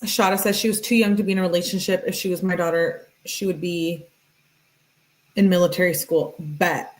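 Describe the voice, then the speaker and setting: A woman's voice: fairly low pitch, fairly even intonation, normal speed. A woman streamer reading text messages aloud, breaking in with sarcastic comments and thanking viewers in the chat. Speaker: true crime streamer.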